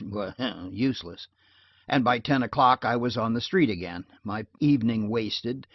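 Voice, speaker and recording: A man's voice: medium pitch, no echo. Dry-sounding male audiobook narrator. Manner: measured, wry storytelling. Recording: dull lo-fi dry recording.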